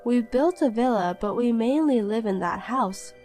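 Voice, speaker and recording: Woman voicing a calm, pointed young woman. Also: a little high, moderate pace, faint music behind, natural voice. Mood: cool. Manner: cool, pointed replies. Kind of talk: animated story voice-over.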